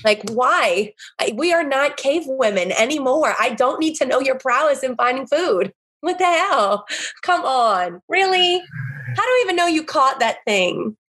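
A woman in her thirties from the American South, a podcast guest telling animated, exasperated stories with laughter. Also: high voice, a little slow, breathy edge. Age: 30s. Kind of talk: casual storytelling chat.

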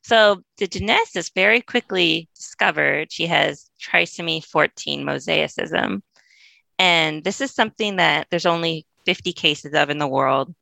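A woman's voice: deep voice, vocal fry, no echo. A woman guest in a podcast interview telling a long personal story in a chatty way, laughing often and acting out what others said. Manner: fast, chatty, laughs often, quotes people in lively voices.

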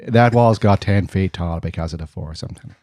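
A man putting on a bombastic politician, lower-pitched and mellow, slow drawn-out bragging. The sound is dry and close, with no room echo. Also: natural voice. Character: bombastic boastful male politician impression.

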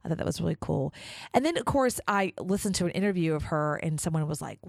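A woman's voice: deep voice, lively intonation, quick pace, gravelly, no room sound. A woman hosting her own podcast, talking in a chatty, enthusiastic way with lots of casual fillers. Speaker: podcast host. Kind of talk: casual solo podcast monologue.

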